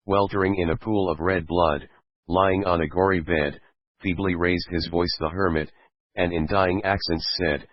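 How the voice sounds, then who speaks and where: A man giving a steady, measured audiobook reading of old rhyming verse. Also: deep voice, no room sound. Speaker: audiobook reader. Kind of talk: scripted narration of verse. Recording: dull lo-fi dry recording.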